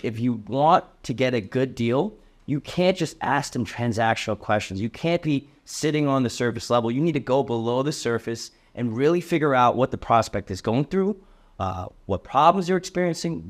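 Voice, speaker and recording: A young man leads a sales training session with energy and emphasis. He keeps acting out sample cold call lines to show tone. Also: mid-range voice.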